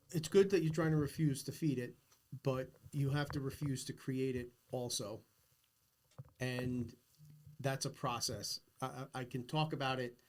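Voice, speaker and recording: A middle-aged man hosting a podcast, talking earnestly and emphatically in a philosophical, casual conversation. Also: medium pitch. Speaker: podcast host.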